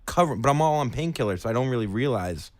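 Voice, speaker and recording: A man co-hosting a podcast, telling a crude, rowdy story in casual chat and loudly acting out what people said. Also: medium pitch, animated, fast talker, no echo. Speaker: podcast co-host.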